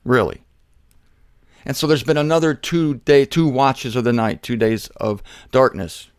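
A man teaching the Bible in an informal, conversational way, shifting between emphatic bursts and quiet asides and speaking straight to his listeners. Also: mid-range voice, unhurried, clean tone, no echo, clean studio sound. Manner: conversational, jokey, addresses listeners directly. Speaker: preacher.

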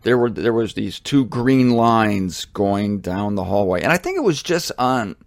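A man's voice: fairly low pitch, expressive, measured pace, vocal fry, no echo, studio quality. A middle-aged American man from Ohio delivering a blunt, fervent monologue about faith as a Christian teacher, climbing to emphatic peaks. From Ohio, United States.

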